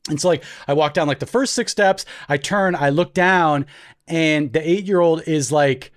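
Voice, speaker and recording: Animated high-voiced young man telling stories. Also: normal speed. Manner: animated, acts out quoted voices loudly. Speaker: podcast co-host. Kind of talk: casual storytelling chat.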